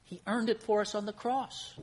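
A man's voice: high voice, fairly even intonation, moderate pace, darkish tone. A man preaching a sermon as pastor, earnest, with emphasis that rises and falls. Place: church.

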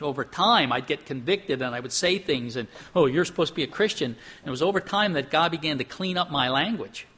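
A middle-aged man preaching a sermon, earnest, climbing high for emphasis and dropping soft and low on solemn points. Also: slightly rough. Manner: earnest, rises in pitch for emphasis and drops softly for solemn points. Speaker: pastor.

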